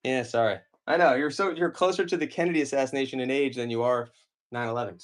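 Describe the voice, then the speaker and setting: A man's voice: medium pitch, fast. Rambling middle-aged man selling comics live. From United States. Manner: rambling and chatty, many fillers. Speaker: live-stream comic seller. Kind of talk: casual live-stream auction chat.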